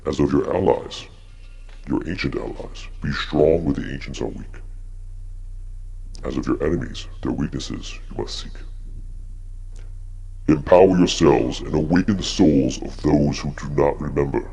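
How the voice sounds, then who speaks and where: A man putting on a solemn ancient oracle, intoning a rhymed prophecy at a slow, measured pace. The voice sits extremely low, gravelly and dark, with a husky edge. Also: heavily acted. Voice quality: deep gravelly. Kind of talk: tabletop game narration.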